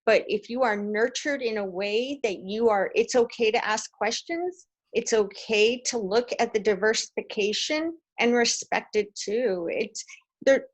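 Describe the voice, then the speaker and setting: A woman from Canada in a casual group video call, telling stories animatedly and acting out quoted voices. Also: a little high. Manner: animated storyteller, acts out quotes. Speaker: discussion participant.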